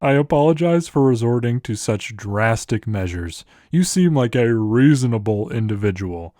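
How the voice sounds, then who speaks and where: A man's voice: medium pitch, animated, moderate pace, dark tone, no room sound, clean studio sound, lightly acted. A man voicing a pompous, formal elderly British statesman who talks down to people. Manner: formal and condescending.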